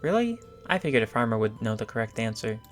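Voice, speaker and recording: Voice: mid-range voice, sing-song, quick pace, faint music behind, natural voice. A gamer reading a game's dialogue aloud as an earnest, pedantic scientist man. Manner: reads game dialogue aloud.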